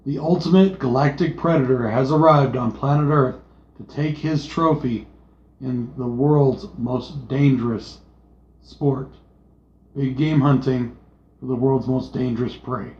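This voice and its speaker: A man's voice: mid-range voice, fairly even intonation, a little slow. A man co-hosting a casual movie review, laid-back and jokey, swearing freely. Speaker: podcast co-host. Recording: echoey room, dull lo-fi sound.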